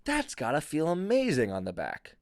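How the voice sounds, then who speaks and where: A man's voice: fairly high pitch, wildly swooping pitch, normal speed, no echo, clean studio sound. A young man hosting a podcast alone, rambling in a crude, jokey way. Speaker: podcast host. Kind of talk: casual solo monologue.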